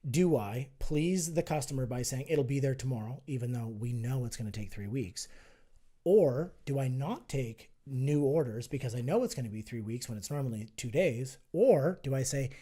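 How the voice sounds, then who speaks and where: As a podcast guest, a man in the health and fitness business argues persuasively in relaxed conversation and voices both sides of the argument himself. His mid-range voice is animated and husky, with a dark tone at normal speed.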